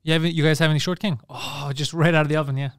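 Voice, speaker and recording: A man's voice: on the high side, steady tone, very fast, a bit bright, clean tone, no echo, clean studio sound. A man hosting a comedy podcast, brashly roasting his co-hosts with crude insults in casual banter. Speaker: podcast host.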